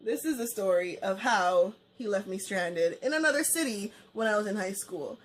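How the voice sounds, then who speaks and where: A young adult woman telling a storytime vlog in an animated, casual way, acting out the dialogue. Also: mid-range voice, moderate pace. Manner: conversational, informal storyteller. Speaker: vlogger.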